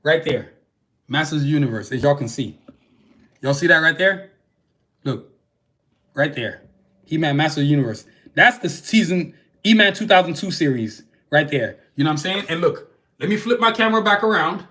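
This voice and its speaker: A man's voice: on the high side, normal speed, pauses often. A man hosting a solo podcast, talking casually with slang and heated, opinionated asides. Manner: animated, slangy, opinionated rants. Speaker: podcast host. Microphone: phone camera.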